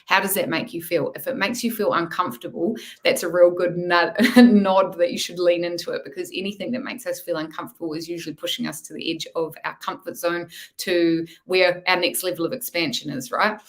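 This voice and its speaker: A woman giving live tarot readings in a gentle, meandering, reflective way. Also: on the low side. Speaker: tarot reader.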